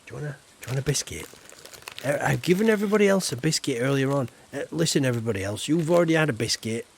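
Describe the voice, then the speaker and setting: Gravelly, chatty man streaming a game. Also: mid-range voice, lively intonation, rapid-fire, slight background noise. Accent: southern English. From Yorkshire, England. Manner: chatty, playful, talks straight to chat viewers. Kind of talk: casual live-stream chat while gaming.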